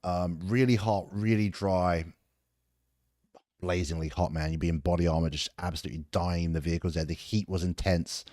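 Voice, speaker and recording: A man's voice: low voice, fairly even intonation, normal speed, a little mellow, no echo, studio quality. Laid-back British man telling war stories. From England. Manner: laid-back storytelling, swears and laughs a lot. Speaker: podcast guest, army veteran. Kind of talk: casual interview.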